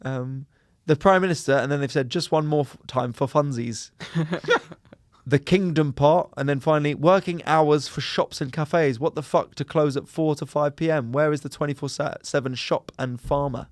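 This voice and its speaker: A man's voice: on the high side, moderate pace, no echo, studio quality. A man co-hosting a podcast, reading listener messages in casual chat and laughing often. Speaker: podcast co-host.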